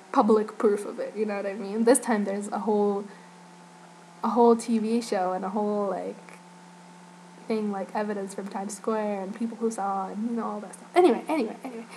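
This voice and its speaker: A woman's voice: fairly high pitch, low-quality recording. A young woman from Northern Virginia chatting casually as a fan vlogger, rambling and giggling, with lots of "like" and "you know". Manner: rambling, giggly, heavy use of "like". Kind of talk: casual chat.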